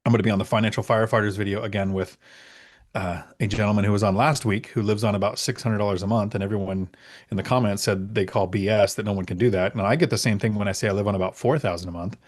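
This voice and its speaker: A middle-aged man with a lowish voice hosts a relaxed live Q&A. He reads viewer questions aloud, then answers plainly and leans on repeated words for emphasis. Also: fast talker. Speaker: host. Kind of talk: casual live Q&A chat.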